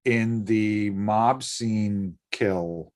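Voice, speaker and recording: A man's voice: fairly low pitch, very slow, darkish tone. A man, an effects artist, chatting casually and rambling through a behind-the-scenes story with restarts. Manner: rambling, self-correcting storyteller. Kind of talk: casual chat.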